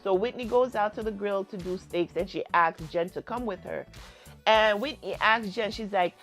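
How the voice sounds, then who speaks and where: A woman's voice: mid-range voice, moderate pace, a bit bright, soft background music. A woman casually retelling a reality TV episode, acting out the quoted lines with lots of fillers. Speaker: TV recap vlogger.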